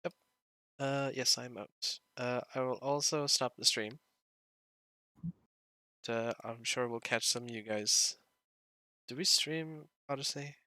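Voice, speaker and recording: Man, Irish accent, stream host, casual wind-down chat, laughs easily, bright voice, dry close sound. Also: mid-range voice, slow, pauses often, dry recording. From Ireland. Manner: easygoing, laughs often. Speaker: game master and stream host.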